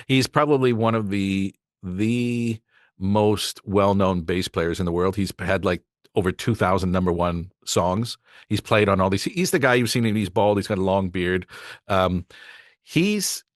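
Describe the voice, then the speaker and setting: A man with a fairly low pitch, a voice actor appearing as a podcast guest, shares rambling stories from his work in a casual chat, with false starts and acted-out quotes. The recording is dry and clean, studio-style.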